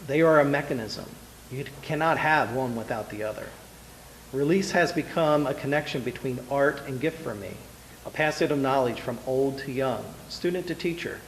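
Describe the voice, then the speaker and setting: A man reads a reflective artist's statement in measured phrases that repeat themselves. His voice has a long, lingering reverb, with a faint hiss behind it. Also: mid-range voice. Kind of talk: reflective scripted narration.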